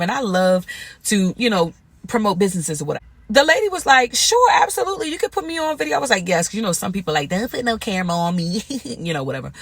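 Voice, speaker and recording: A woman's voice: medium pitch, husky, no echo. Chatty woman vlogger telling a story. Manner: animated, chatty, slangy, quotes people in lively voices. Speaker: vlogger and comedian motivator. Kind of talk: casual storytime vlog.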